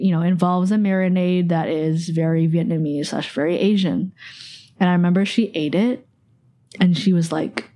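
On her podcast, a young woman in her twenties shares a personal story in a loose, rambling manner, filling it with "like." Her voice is warm and on the lower side.

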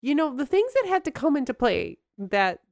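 Bubbly rambling woman, lively pitch. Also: normal speed, gravelly, no echo, clean studio sound. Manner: bubbly, rambling, laughs often. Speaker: podcast co-host. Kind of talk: casual chat.

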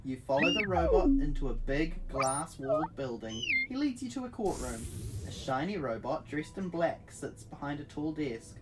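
A woman with a low voice reads an adventure book aloud. Her pitch swings widely, and her delivery is playful and giggly. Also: moderate pace, recorded from a distance, heavy background noise. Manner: giggly, animated storytelling. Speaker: host reading an adventure book. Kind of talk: playful read-aloud narration.

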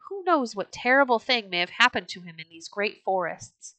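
A woman's voice: medium pitch, big pitch swings, normal speed, sharp tone, dry recording. A woman reading the part of Leif, a bold young Norse leader, in a storybook. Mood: angry. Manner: firm and earnest storybook delivery.

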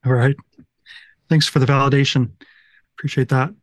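A middle-aged man from Utah tells his life story as a podcast guest. He rambles along casually and pokes fun at himself. The voice sits at an ordinary pitch in a dry, close room. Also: level tone, normal speed, dry recording. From Utah, USA. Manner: rambling, self-deprecating, fond of 1980s references.

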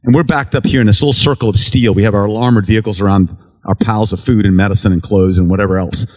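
A man's voice: fairly low pitch, steady tone, fast talker, darkish tone. A man from the United States, a relief worker giving a mission report to a church, telling stories in an earnest, conversational testimony style and acting out what people said. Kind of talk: storytelling testimony talk.

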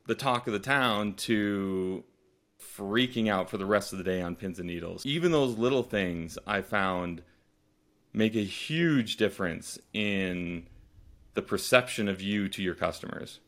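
Man hosting, animated storyteller. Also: on the low side, measured pace. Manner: lively storyteller who acts out past dialogue. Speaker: podcast host. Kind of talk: casual podcast conversation.

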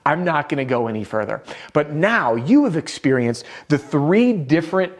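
A man's voice: on the high side, lively intonation, moderate pace. A man teaching sales in an instructional video, speaking to the viewer in an upbeat, direct coaching manner. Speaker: roofing sales trainer.

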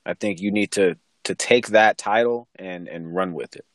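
A man's voice: low voice, moderate pace, dry recording. Teasing young man on a podcast. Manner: teasing, playful, pushy. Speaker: podcast co-host. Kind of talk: casual podcast chat.

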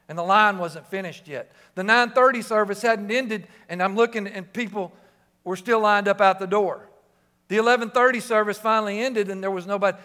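Impassioned high-voiced male preacher. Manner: impassioned, rising to shouts on key lines. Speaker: pastor. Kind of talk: sermon. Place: church sanctuary. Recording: reverberant church hall.

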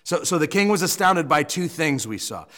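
Animated man preaching a sermon. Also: on the high side, normal speed. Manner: animated, joking storyteller with frequent restarts. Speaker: pastor.

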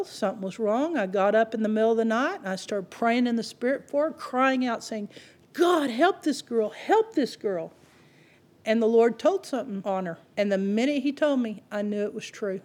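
A woman preaching a sermon, telling stories in an animated way and acting out the people she quotes. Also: fairly high pitch. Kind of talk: sermon with storytelling.

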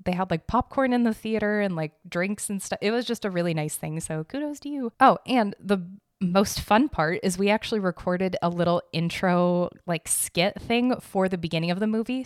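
A woman's voice: on the low side, smooth, no echo, clean studio sound. Chatty giggly woman podcast host. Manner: chatty, giggly, self-deprecating, swears casually. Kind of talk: casual rambling podcast chat.

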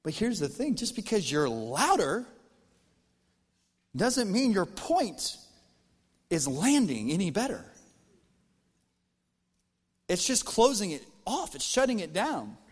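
An American man preaching a sermon as pastor, talking to the congregation in a lively, conversational way with jokes. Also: sits high, slow, long pauses, husky. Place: church auditorium. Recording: long reverb from a church hall.

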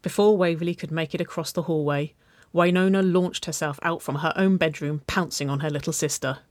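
A woman's voice: deep voice, steady tone, fairly quick, no room sound. Woman reading a story, dry close sound. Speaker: narrator. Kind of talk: storybook narration reading aloud.

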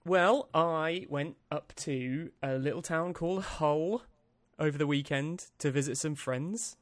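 Slow playful man. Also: a little high, no echo. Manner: playful, giggly, joking. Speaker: podcast co-host. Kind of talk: casual comedic chat.

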